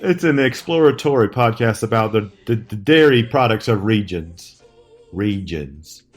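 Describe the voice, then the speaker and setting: A man's voice: lowish voice, lively intonation, a little slow, faint music behind. A man co-hosting a podcast, improvising comedy in a put-on folksy drawl full of rambling stammers. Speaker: podcast co-host.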